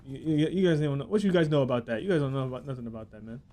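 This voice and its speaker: A man's voice: medium pitch, lively intonation, racing, warm tone. A young man streaming a game, chatting casually, joking and swearing while he rambles and reacts to chat. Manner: rambling, profane, reads chat aloud and jokes. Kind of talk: casual live gameplay commentary.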